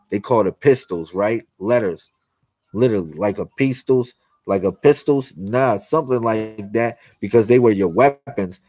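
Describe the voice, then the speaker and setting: This is a spiritual livestream monologue: a young male host, voice somewhat low and a little mellow, preaches to his audience about miracles and God. The delivery is casual, repetitive and slangy, with no audible room sound.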